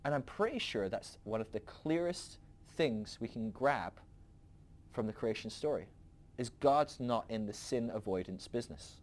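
Animated, rambling male podcast host. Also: mid-range voice, normal speed. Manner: animated, rambling, laughs often, frequent restarts. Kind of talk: casual philosophical teaching.

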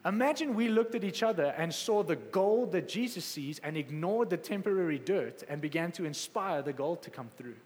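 A man preaching a sermon with passion, swinging between loud exclamations and quiet, soft stretches. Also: a little high, expressive, normal speed, few pauses, in a large hall. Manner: passionate, rising to exclamations then dropping soft.

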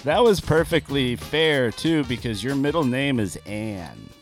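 A man co-hosting a podcast in casual chat, joking in a dry, deadpan way. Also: mid-range voice, measured pace, faint music behind. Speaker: podcast co-host.

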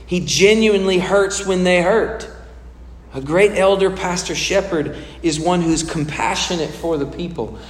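A pastor preaching a sermon in a conversational way, putting questions to the congregation. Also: male voice, high-pitched. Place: church hall. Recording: echoey hall with long reverb.

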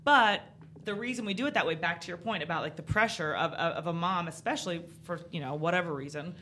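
A woman's voice: fairly low pitch, quick pace, slight background noise. A woman in her thirties, a podcast guest, telling candid stories in casual chat. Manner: candid, animated storyteller.

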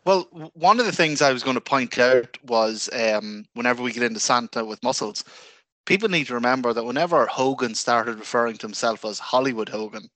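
A man's voice: mid-range voice, brisk, no echo. A man co-hosting a radio chat, joking and poking fun at himself. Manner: jokey, self-mocking, lively reactions. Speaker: radio co-host. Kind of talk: casual chat.

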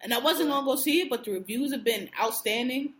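A woman co-hosts a podcast in loose, casual chat. Her voice sits a little high, and she rants in a blunt, profane, animated way. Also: quick pace. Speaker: podcast co-host.

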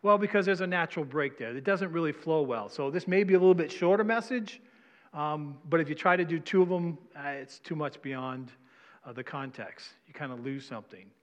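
Male pastor, chatty sermon delivery, a bit high-pitched, big reverberant sanctuary. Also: fairly quick. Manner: conversational preaching, asks congregation questions. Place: church sanctuary. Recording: long hall reverb.

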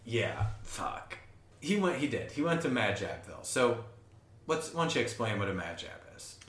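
Rambling, swearing podcast co-host. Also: male voice, medium pitch, sing-song, moderate pace, fairly bright tone, reverberant. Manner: rambling storyteller, swears, acts out voices. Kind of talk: casual chat.

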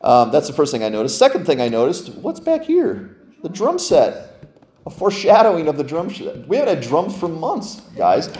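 A man, a lead pastor, preaching a lively, conversational sermon full of rhetorical questions. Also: on the high side, moderate pace, roomy sound. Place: church sanctuary.

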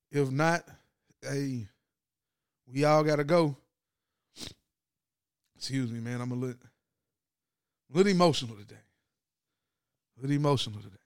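A man hosts his podcast in a loose, slangy sports monologue, his voice sitting a little high. The tone is smooth and clean. He is close to the mic in a dry, dead-sounding space. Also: no room sound. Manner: loose slangy delivery, swings from loud to low and subdued. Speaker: podcast host. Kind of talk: casual sports talk monologue.

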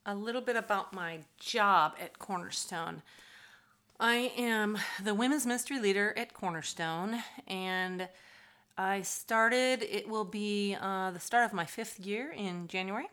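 Middle-aged woman host, earnest chatty delivery, crisp bright tone. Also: medium pitch. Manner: chatty and earnest, with ums and pauses. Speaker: podcast host. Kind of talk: casual podcast monologue.

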